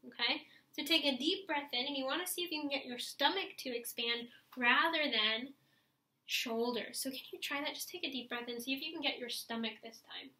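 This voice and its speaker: High, bright-voiced woman teaching clarinet. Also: fairly quick, echoey room, rough recording. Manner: encouraging, guides listeners step by step; demonstrates breaths and sighs aloud. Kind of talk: instructional video lesson.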